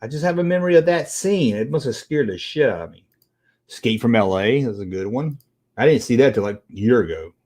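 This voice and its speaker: A man's voice: mid-range voice, brisk. A middle-aged man hosting a casual livestream, chatting with viewers in a rambling, profane way. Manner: animated and profane, rambling between tangents. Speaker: livestream host.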